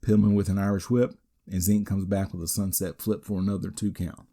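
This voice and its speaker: Deep, mellow-voiced man recapping wrestling. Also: fairly quick, vocal fry. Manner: steady, matter-of-fact recap with dry asides. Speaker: podcast host. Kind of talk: recapping a wrestling event play by play.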